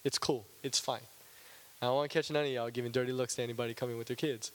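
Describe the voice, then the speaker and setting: A man's voice: medium pitch, fairly even intonation, fast talker, a bit bright, big-room sound. A male pastor preaching a conversational, joking sermon in a church, often checking in with "right?".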